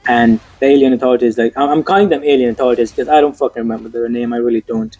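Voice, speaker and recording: A man's voice: mid-range voice, racing, warm tone, low-quality recording. A young man giving a casual, frustrated movie review, swearing often and stumbling over fillers and restarts.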